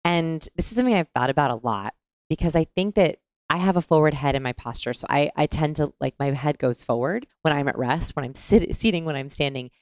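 A woman explaining things conversationally on a podcast, animated and often demonstrating voices mid-sentence. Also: low voice, a little fast, no room sound.

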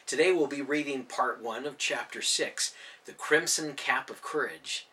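A man's voice: medium pitch, unhurried, pushed and bright, far from the mic. A male storyteller animatedly reading a children's novel aloud, narrating each scene with expression.

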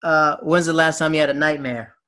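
Quick, bright-voiced male interviewer. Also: a little high, steady tone. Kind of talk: casual interview questions.

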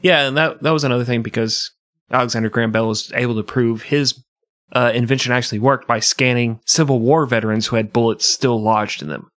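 A man's voice: mid-range voice, fairly quick, no room sound, studio quality. A man co-hosting a comedy podcast, answering in a laughing, sarcastic banter. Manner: lively, laughing, sarcastic replies. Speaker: podcast co-host.

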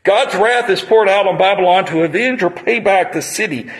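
A man's voice: high-pitched, moderate pace, rough recording. A man, preaching a sermon on a Bible passage in a conversational storytelling manner.

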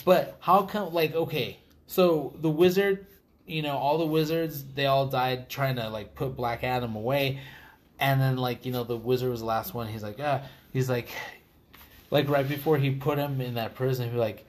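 A man's voice: medium pitch, fairly even intonation, moderate pace. A man co-hosting a casual podcast, ranting about a movie with profanity and mocking voices of the characters. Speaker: podcast co-host. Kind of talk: casual movie-rant chat.

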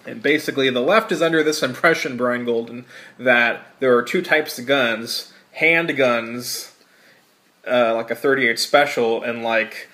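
A man hosting a casual podcast who rants his opinions with a sarcastic edge. His voice sits at an ordinary pitch. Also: fairly even intonation, unhurried, pushed and bright. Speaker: podcast host.

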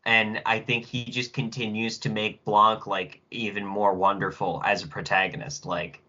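A man with a lowish, bright, forward voice chats as a guest on a film podcast. He talks with emphatic enthusiasm. The audio is dull and lo-fi. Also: steady tone, moderate pace. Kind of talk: casual film podcast chat.

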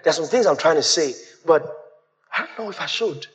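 A man preaching a sermon as pastor, quoting scripture and breaking into shouts. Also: a little high, expressive, fairly quick.

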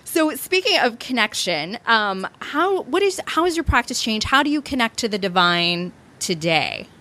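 A woman hosting a podcast, affirming her guest warmly and asking questions in a casual interview. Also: on the high side, big pitch swings, normal speed. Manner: warm, affirming. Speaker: podcast host.

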